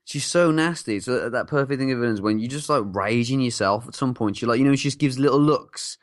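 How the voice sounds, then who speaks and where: A man's voice: medium pitch, no echo, clean studio sound. A man co-hosting a film podcast, chatting casually and animatedly, full of hedges like "you know". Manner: fast, animated, trailing hedges. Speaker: podcast co-host. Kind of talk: casual film review chat.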